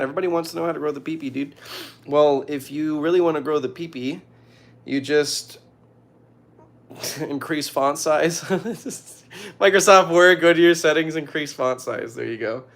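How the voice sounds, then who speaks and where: A man's voice: on the high side, normal speed. Joking young man answering questions. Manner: reads questions aloud, jokey deadpan answers. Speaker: streamer answering viewer questions. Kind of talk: casual joking advice chat.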